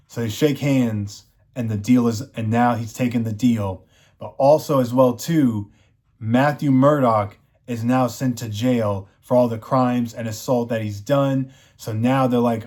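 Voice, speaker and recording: An excitable man recapping a TV finale for his channel in a rambling, casual way. He loosely acts out the lines of the characters in his own voice, at a middle pitch. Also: a little slow. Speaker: show recap host. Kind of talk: enthusiastic casual episode recap.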